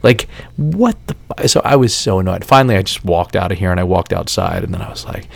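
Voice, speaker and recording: A man's voice: sits low, quick pace, vocal fry, noisy background. A man in his forties, a podcast host, telling a story in a casual, profane and exasperated way.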